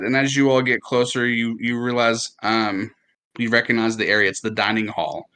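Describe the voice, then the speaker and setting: A man narrating as game master in a tabletop game, describing scenes haltingly and with many fillers. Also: mid-range voice, steady tone, bright, forceful tone, clean tone.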